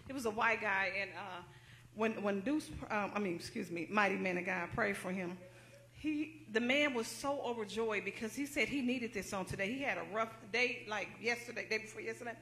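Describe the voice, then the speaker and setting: A woman giving an excited testimony at a church service, calling out to the congregation as she tells her story. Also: mid-range voice, a little fast. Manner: excited, talks straight to the congregation with "y'all".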